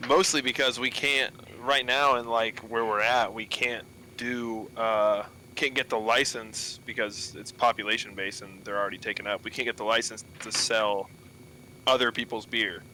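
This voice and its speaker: A man's voice: fairly low pitch, moderate pace, sharp tone, a little hiss or hum, low-quality recording. A man in casual podcast chat, talking through his brewery plans with lots of ums and restarts. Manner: rambling, many ums and restarts. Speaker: podcast co-host planning a brewery.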